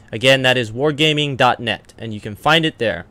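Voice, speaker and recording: Man, gaming channel host, casual commentary, excitable, profane, smooth clear voice, dry close sound. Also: mid-range voice, normal speed, no room sound. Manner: excitable, swears casually, talks to the enemy. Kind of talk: live gameplay commentary.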